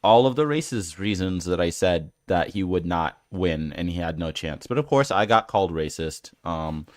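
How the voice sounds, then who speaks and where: Low-voiced man ranting, halting and exasperated. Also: expressive, no room sound, clean studio sound. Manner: rambling with many fillers and restarts; exasperated, incredulous. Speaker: channel host. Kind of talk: casual rant reacting to comments.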